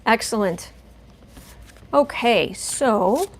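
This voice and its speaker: Gravelly-voiced woman chatting on a stream. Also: fairly high pitch, animated, drawn-out words. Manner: chatty, rambling, coos softly to her cat. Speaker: tarot reader, channel host. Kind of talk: casual live-stream chat.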